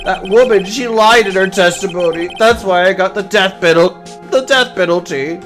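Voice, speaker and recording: A streamer voicing a frantic male convict who pleads his innocence, in a bad put-on Cockney accent and a loud, stammering, pleading manner. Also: mid-range voice, normal speed, voice pushed up, lightly acted. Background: game music.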